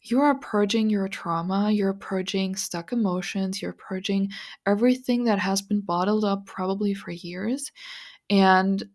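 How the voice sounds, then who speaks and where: A female podcast host shares spiritual advice in an earnest, confiding monologue, her mid-range voice moving at a measured pace. She fills her casual talk with "like" and "you know," dropping in soft, breathy asides.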